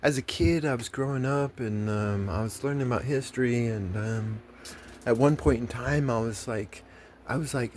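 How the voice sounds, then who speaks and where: An American man with a mid-range, slightly mellow voice rambles through a casual rant at a moderate pace, swearing heavily. He keeps restarting sentences and using fillers, with faint noise in the background.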